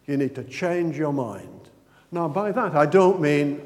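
A man delivers a sermon, animated and conversational, and keeps asking his listeners questions. His voice is a little high for a man. The long reverb of a large hall trails after each phrase. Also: slow. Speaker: preacher.

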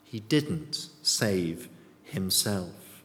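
A man's voice: low-pitched, lively intonation, extremely slow, fairly bright tone. A man preaching a sermon in a church, often putting rhetorical and tag questions to the congregation. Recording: long church reverb.

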